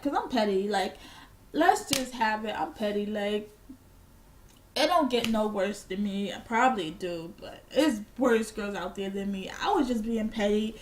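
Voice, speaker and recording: A young woman with a fairly high voice tells a storytime to her camera. She is blunt and profane, and proudly petty as she talks. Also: slight background noise. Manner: boastfully petty. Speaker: vlogger. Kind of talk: casual storytime.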